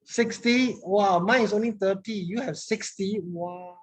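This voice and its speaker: A woman's voice: medium pitch, measured pace. A woman, teaching a class in a chatty manner, often repeating words and asking the class questions. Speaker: English teacher.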